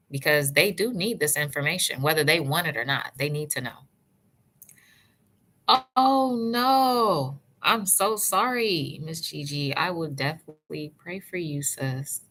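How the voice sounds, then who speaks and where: A woman giving natural hair advice in a casual livestream, breaking off to greet chat viewers by name and calling them sis and love. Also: sits low. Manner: warm, chatty, answers live chat by name, calls viewers sis and love.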